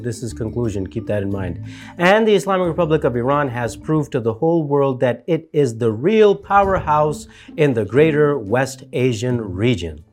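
A political commentator with a mid-range, darkish voice delivers a rambling, casual monologue. It is heavy with fillers and mocking asides, including put-on voices.

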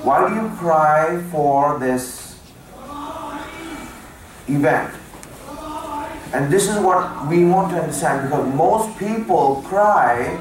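Male preacher with a high-pitched voice and an emphatic, repetitive delivery full of rhetorical questions, recorded from afar in a reverberant hall. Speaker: preacher at a mourning gathering. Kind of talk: sermon. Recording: echoey hall, distant mic.

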